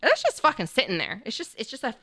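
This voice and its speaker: A young woman hosting a podcast, telling a story in casual chat, animated and profane, with lots of "like" fillers. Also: fairly high pitch, fast, no room sound. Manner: animated, acts out quotes in the story. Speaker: podcast host. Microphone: podcast mic.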